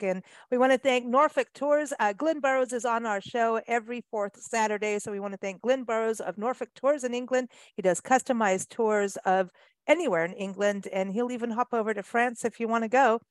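A woman's voice: on the high side, a little fast, dry recording. Chatty woman radio host. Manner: chatty and animated, lots of "you know" and "like". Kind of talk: casual radio interview chat.

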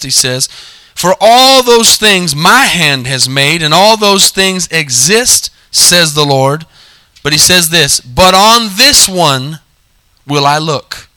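A man preaching a sermon as pastor, reading scripture slowly and asking the congregation questions he answers himself. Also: on the high side, bright, forceful tone, no room sound. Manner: call-and-response preaching, drawn-out scripture reading.

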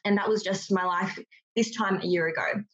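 A woman's voice: medium pitch, steady tone, normal speed, fairly bright tone. A woman chatting candidly as a podcast co-host, blunt and swearing freely. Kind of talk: casual chat. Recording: dull, lo-fi sound.

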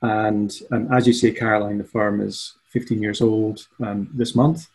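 A man's voice: fairly low pitch, little pitch movement, unhurried, a little mellow, slightly rough, low-quality recording. A man being interviewed as a guest on a podcast, speaking hesitantly with frequent ums. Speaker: podcast guest, managing partner. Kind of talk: casual interview talk.

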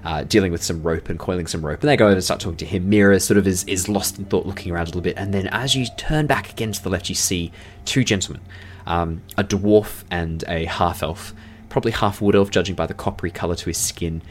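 A man's voice: low voice, fast talker, a little hiss or hum. A man running a tabletop role-playing game as dungeon master, describing scenes with many fillers. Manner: rambling, filler-heavy description.

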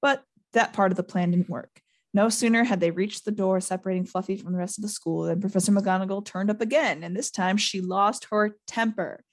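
A woman hosting a podcast, reading a novel aloud live and chatting in a lively way. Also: mid-range voice, brisk. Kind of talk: live book reading with chat.

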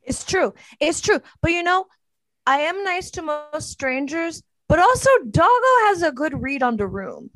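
Woman voicing a sweet, earnest pet dog, high and unhurried. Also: sing-song, a bit bright, heavily acted. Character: sweet friendly female pet dog, street-smart.

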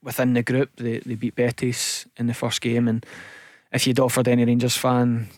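Former footballer, chatty radio pundit, tells stories loosely, close dry mic. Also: male voice, medium pitch, normal speed, no room sound. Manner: relaxed storytelling with fillers. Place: radio studio.

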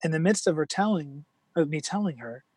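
A man's voice: a little high, lively intonation, darkish tone, slightly rough, no room sound. Earnest middle-aged man telling his story. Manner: earnest, halting storytelling with many restarts. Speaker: guest. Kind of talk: personal story in a podcast interview.

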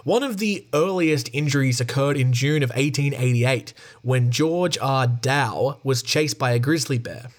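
A man hosting a podcast, reading a prepared script in a steady storytelling tone. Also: medium pitch, unhurried, few pauses. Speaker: podcast host. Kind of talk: scripted narration.

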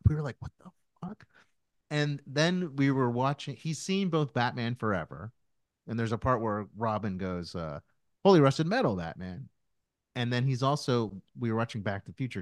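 A man's voice: medium pitch, a little fast, no echo. A man in his thirties, a podcast co-host, chatting casually and telling rambling stories full of fillers and restarts. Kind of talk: casual chat.

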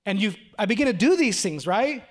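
A high-pitched man in his thirties delivers a sermon. His speech is casual and self-mocking, full of fillers and restarts. He then builds to a run of pressing, repeated questions. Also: big pitch swings, a little fast. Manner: casual, joking, confessional, with many fillers and restarts. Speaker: pastor.

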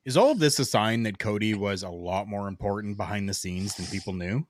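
A man's voice: lowish voice, fairly quick, no echo, clean studio sound. A man hosting a casual podcast chat, talking emphatically and reading questions from the chat. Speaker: podcast host.

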